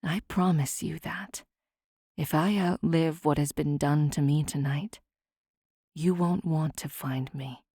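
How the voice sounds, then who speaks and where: A woman voicing a wounded, vengeful male Fae king in a low, hushed, menacing half-whisper for an audiobook. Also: steady tone, a little slow, no echo, studio quality.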